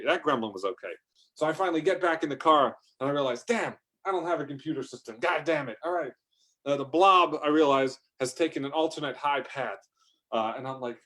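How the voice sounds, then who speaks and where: A man's voice: mid-range voice, a bit bright. Male comic storyteller, rambling and profane, prone to sudden over-the-top outbursts. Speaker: comedic storyteller.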